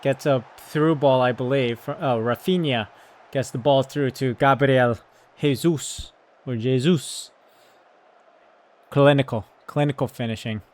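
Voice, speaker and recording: A man giving excited live commentary on his football management game, yelling at his players, then calmly talking through tactics. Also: medium pitch, a little slow. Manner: excitable, shouts at the team, then calm tactical talk. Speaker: gaming YouTuber.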